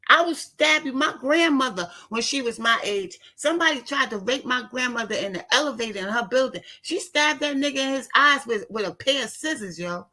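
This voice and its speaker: A woman's voice: high-pitched, expressive, fairly quick, hardly any pauses, pushed and bright. A woman in her fifties ranting bluntly to her viewers in a casual, profane monologue. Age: 50s. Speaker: vlogger talking to her live viewers.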